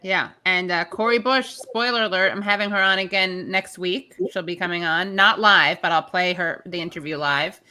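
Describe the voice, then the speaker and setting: A woman hosts a casual online talk show and banters with her guests. Her voice sits fairly low yet comes across bright and forceful. She laughs easily and talks loosely, with fillers. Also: normal speed, few pauses. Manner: chatty, laughs often. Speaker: host. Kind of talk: casual live-stream chat.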